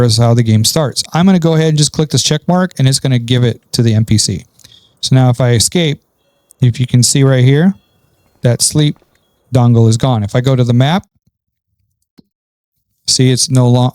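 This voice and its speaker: Chill guy doing gameplay commentary, warm mellow tone, kinda rambly. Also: medium pitch, clean tone, dry recording. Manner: relaxed, thinking aloud with many ums. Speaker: gaming channel host.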